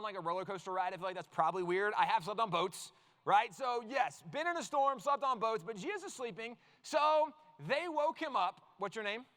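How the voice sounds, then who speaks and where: A man's voice: very high voice, pushed and bright. A man preaching to a youth crowd, reading scripture and then running a playful skit with volunteers on stage. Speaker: youth speaker. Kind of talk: youth sermon with audience skit. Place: large youth event hall.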